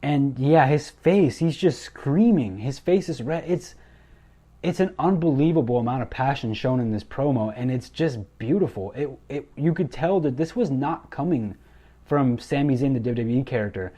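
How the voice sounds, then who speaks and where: A young man excitedly recapping a wrestling show, gushing and repeating himself as he goes. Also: mid-range voice, moderate pace. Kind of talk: enthusiastic recap commentary.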